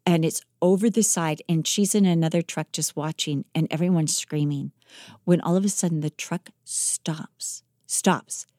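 A woman podcast host telling a life story in a lively, dramatic way, acting out the quoted lines. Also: deep voice, fairly quick, no echo, studio quality. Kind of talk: animated storytelling.

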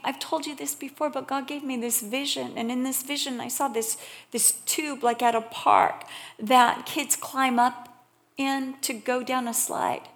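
A middle-aged woman preacher delivering a sermon, telling stories animatedly and swinging between loud emphasis and hushed whispers. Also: high-pitched, gravelly.

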